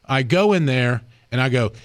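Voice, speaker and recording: A man's voice: medium pitch, lively intonation, moderate pace. A man hosting a radio show who tells a story casually and animatedly, laughing and acting out other voices.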